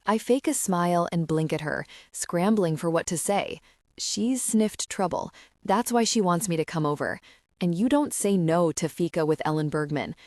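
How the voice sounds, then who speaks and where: Female audiobook narrator, first person, reflective, lower pitch, dry studio sound. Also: darkish tone, no echo.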